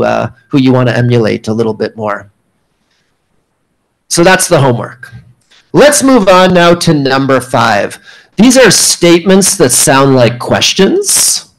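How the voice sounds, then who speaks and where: A man giving a classroom workshop lecture, speaking in a clear, emphatic teaching manner and often checking in with "okay?". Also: medium pitch, low-quality recording. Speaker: workshop instructor. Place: university meeting room.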